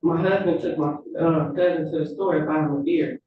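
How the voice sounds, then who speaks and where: Halting woman testifying in a courtroom. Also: low voice, fairly even intonation, background noise. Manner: halting, repeats herself. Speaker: witness. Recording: echoey distant courtroom audio, lo-fi.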